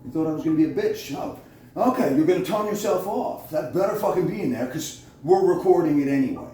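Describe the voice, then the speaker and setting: Man, slightly higher pitch, mellow dark tone, angry profane rant, distant from phone mic in a very echoey room. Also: expressive, quick pace. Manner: heated, profane, accusatory ranting. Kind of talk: angry monologue to camera. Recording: very echoey room, voice far from mic, faint noise.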